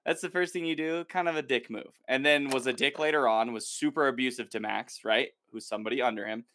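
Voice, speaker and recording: A male podcast host chatting casually, retelling scenes with lively, acted-out asides. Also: medium pitch, a little hiss or hum. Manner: animated storyteller, quick to act out quotes. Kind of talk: casual chat recapping a TV episode.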